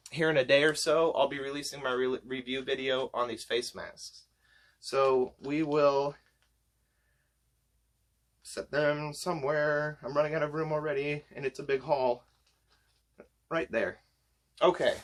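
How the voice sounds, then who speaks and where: A man chatting to camera as he shows off a shopping haul, enthusiastic and gushing, his voice getting hoarse. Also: medium pitch, a bit bright. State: voice going hoarse. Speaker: vlogger showing a shopping haul. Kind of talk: casual chat to camera.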